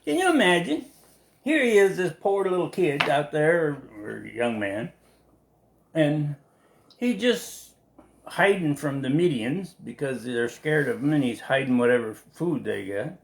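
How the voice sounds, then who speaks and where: A man leading a casual live Bible study, animated and laughing as he acts out the people in the story. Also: fairly high pitch, a little slow, gravelly. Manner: animated, laughing, acting out quotes.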